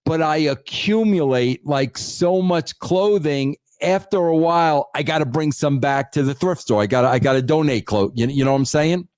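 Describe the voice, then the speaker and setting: A man's voice: on the high side, normal speed, few pauses, a little mellow, no room sound. A man hosting a live call-in show in a casual New manner, stumbling over words and calling everyone bro. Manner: casual, says "bro" constantly, repeats words. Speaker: host.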